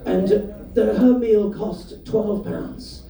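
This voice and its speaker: High-voiced male comic from the UK. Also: fairly even intonation, gravelly, background noise. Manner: storytelling, chatty, quick asides to the audience. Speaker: stand-up comedian. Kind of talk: stand-up comedy set with crowd work. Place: comedy club stage. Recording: roomy live venue, mic heard from a distance. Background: audience laughter.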